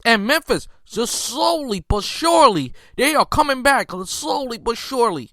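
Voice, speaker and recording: A man's voice: very high voice, very animated, moderate pace, fairly bright tone, dry recording, studio quality. A man hosting a casual sports commentary, ranting in a heated way with many restarts and incredulous outbursts. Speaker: sports podcast host.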